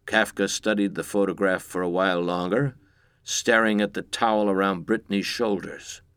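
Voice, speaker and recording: A man reading a comic story aloud in scripted narration with a deadpan, expressive delivery. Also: deep voice, moderate pace, clear, resonant tone, dry recording, clean studio sound.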